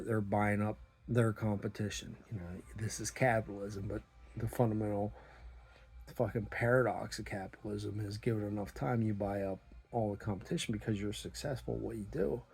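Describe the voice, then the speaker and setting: A middle-aged man telling a story about his small business in a blunt, profane, animated way, acting out the dialogue. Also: lowish voice, creaky, breathy edge. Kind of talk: casual storytelling monologue.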